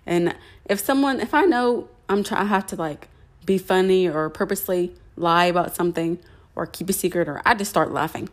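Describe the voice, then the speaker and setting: A woman's voice: lowish voice, normal speed. A young woman hosting a podcast, telling a personal story in a chatty way with many fillers and restarts. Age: young adult. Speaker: podcast host.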